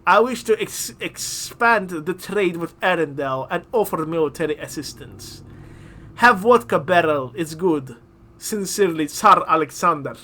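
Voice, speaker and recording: A blunt young tsar writes to a queen in broken, clipped English, read aloud by a man. The voice sits high and bright for a man, with a forceful edge. The delivery is plain and halting, not a big character turn. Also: lively intonation. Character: blunt young male tsar writing a letter.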